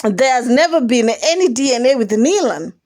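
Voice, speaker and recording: High, lively woman dishing celebrity gossip. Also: moderate pace. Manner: animated, laughing often, emphatic rhetorical questions. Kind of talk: casual gossip commentary.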